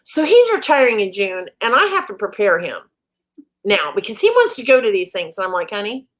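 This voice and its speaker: A woman's voice: mid-range voice, wildly swooping pitch, fairly quick, a bit bright. A middle-aged woman from the Midwest, a guest author telling funny stories in a casual interview, laughing often. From American Midwest.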